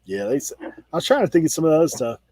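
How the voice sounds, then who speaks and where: A man's voice: a little high, big pitch swings, rapid-fire, mellow, a little hiss or hum. Chatty man. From Outer Banks, North Carolina. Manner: chatty, laughs often, says "like" a lot. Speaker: reseller channel host. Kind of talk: casual chat on a video call hangout.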